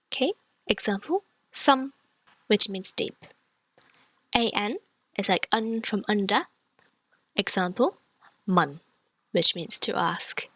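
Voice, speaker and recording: A woman's voice: medium pitch, sharp tone, dry recording. A woman teaching a beginner Cantonese pronunciation lesson, explaining patiently step by step. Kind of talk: language lesson.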